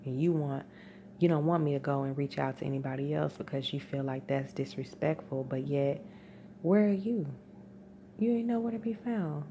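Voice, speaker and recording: Woman, low gravelly voice, exasperated venting rant, noisy home recording. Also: moderate pace, mellow. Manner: venting, exasperated, profane, rising to outbursts. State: tired. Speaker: vlogger venting. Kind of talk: emotional personal rant.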